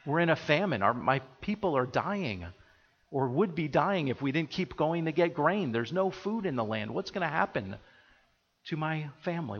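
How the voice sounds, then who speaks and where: A man preaching a sermon, earnest and reflective, with soft pauses as he explains the passage. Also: mid-range voice. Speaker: pastor. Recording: dull audio with long hall reverb.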